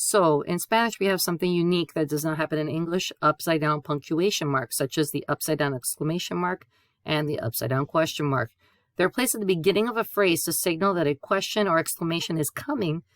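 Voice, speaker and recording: A woman's voice: on the low side, brisk, dry recording, studio quality. Patient woman teaching Spanish letters. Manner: patient, clear spelling out and repeating. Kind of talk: classroom lesson.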